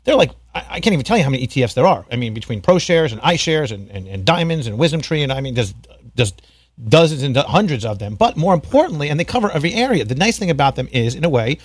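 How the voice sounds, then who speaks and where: A man's voice: on the high side, sing-song, fast talker, slightly rough, dry recording, studio quality. A man hosting a podcast, joking around and laughing often with his guest. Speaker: podcast host. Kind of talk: casual podcast chat.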